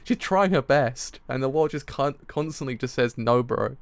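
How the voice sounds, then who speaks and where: A man giving live reaction commentary as he reads a comic chapter, excitable and rambling, laughing often. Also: mid-range voice, normal speed, no room sound. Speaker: streamer reviewing a manga chapter.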